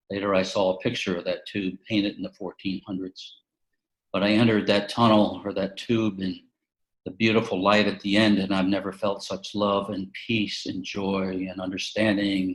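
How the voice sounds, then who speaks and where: Older male chaplain, earnest halting testimony, low monotone delivery. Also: low-quality recording. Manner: earnest, halting storytelling with frequent "and" restarts. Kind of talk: personal testimony at a worship service.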